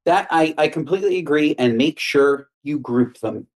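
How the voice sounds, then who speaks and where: A man's voice: expressive, moderate pace, hardly any pauses, darkish tone. A man co-hosting a comedy podcast, talking emphatically and breaking into mock rants. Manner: emphatic, mock-ranting, swings pitch widely. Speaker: podcast co-host. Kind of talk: casual comedic chat.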